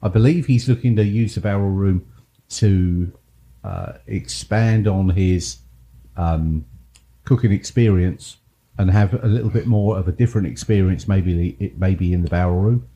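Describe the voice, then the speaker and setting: A man's voice: low voice, normal speed, mellow. A man with an English accent co-hosting a podcast, talking casually, teasing his co-host and laughing often. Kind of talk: casual chat.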